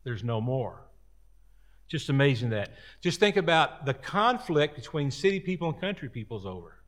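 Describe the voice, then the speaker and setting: A man's voice: mid-range voice, big pitch swings, moderate pace, fairly bright tone. A man preaching a sermon as pastor, folksy and rambling, with repeated words and chatty asides.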